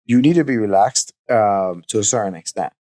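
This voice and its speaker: A man co-hosting a podcast, giving a candid fight recap in a measured way with frequent hesitations. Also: fairly low pitch, dark tone. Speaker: podcast co-host. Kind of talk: casual fight recap chat.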